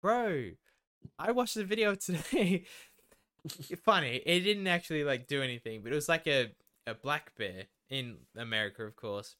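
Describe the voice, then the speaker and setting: A man's voice: on the high side, normal speed, smooth. A young Australian man chatting casually and swearing often as a podcast co-host. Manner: animated, sweary, laughing. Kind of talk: casual chat.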